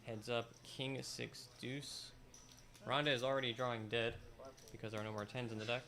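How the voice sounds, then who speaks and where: A man giving measured, strategic live commentary on a poker game. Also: medium pitch, flat delivery, sharp tone.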